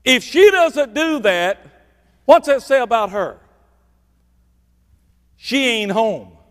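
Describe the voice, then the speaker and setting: A middle-aged man, preaching a sermon and swinging between loud bursts and hushed, low lines for emphasis. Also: sing-song, takes it slowly. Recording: echoey hall reverb.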